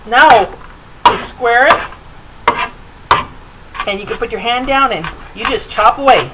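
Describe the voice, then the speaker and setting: A woman's voice: fairly high pitch, measured pace, very noisy. A middle-aged woman hosting a home cooking show, chatting loosely with fillers as she demonstrates in her kitchen.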